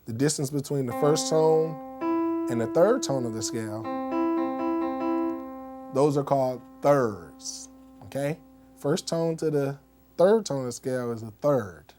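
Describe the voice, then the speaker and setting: In an unhurried, medium-pitched voice broken by frequent pauses, a man teaches a relaxed music lesson. He explains things while playing examples on a keyboard, often asking "okay?" or "right?" along the way.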